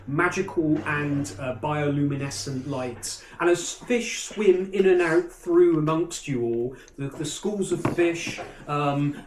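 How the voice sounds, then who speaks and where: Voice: mid-range voice, darkish tone, slight background noise. A game master narrating a tabletop role-playing scene in a descriptive way, with frequent ums and restarts. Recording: roomy echo.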